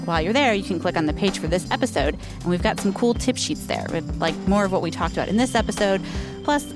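A woman's voice: medium pitch, lively intonation, fast talker. Female podcast co-host, scripted announcements, music underneath.

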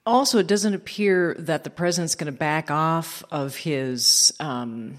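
A woman's voice: deep voice, measured pace. A woman interviewer asking probing, direct questions.

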